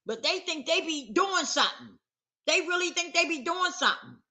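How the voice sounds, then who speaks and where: Woman, high voice, casual vlog rant, emphatic, repetitive. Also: lively intonation, normal speed, bright, forceful tone. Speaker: vlogger. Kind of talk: casual direct-to-camera rant.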